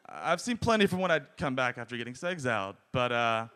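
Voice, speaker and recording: A man's voice: medium pitch, very animated, moderate pace, pushed and bright, smooth. A man performing stand-up in a small live venue, telling a story and acting out his own panicked reactions. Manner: storytelling with acted-out panicked quotes. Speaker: stand-up comedian. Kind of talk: stand-up comedy set.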